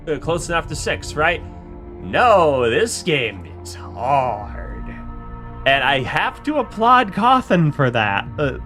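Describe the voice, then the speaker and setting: Male let's play host, slow and bright-voiced, chatty and self-correcting. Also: medium pitch. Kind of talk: casual gameplay commentary.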